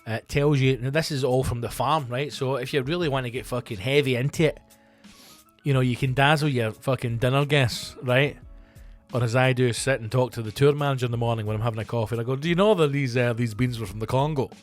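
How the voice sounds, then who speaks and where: A man's voice: medium pitch, fairly even intonation, fast talker, faint music behind. A Scottish man, a comedian hosting his own podcast, talking casually in a profane, rambling monologue full of fillers and asides.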